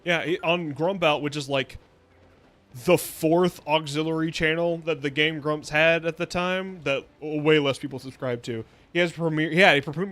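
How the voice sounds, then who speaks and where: A man's voice: on the high side, a bit bright. A young man, a VTuber, chatting casually while streaming a game, rambling and laughing often. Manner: rambling, chatty, laughs often, silly sing-song asides. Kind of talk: casual gameplay stream chat.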